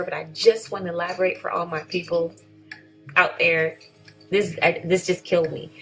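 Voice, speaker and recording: A woman's voice: on the low side, poor audio. A woman chatting casually in a vlog, rambling and correcting herself as she reads through things. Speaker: vlogger.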